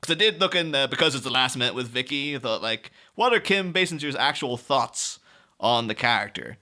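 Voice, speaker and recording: A man with a bright, forceful voice chats on a film podcast. He talks loosely and laughs often, breaking into quick put-on voices for quotes. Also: mid-range voice, lively intonation. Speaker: podcast co-host. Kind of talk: casual film podcast chat.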